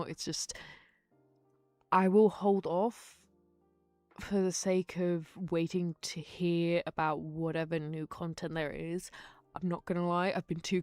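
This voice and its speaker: A woman's voice: on the low side, a little mellow, smooth, no echo. A young woman streamer chatting casually and rambling, often laughing and trailing off mid-sentence, with faint music behind her.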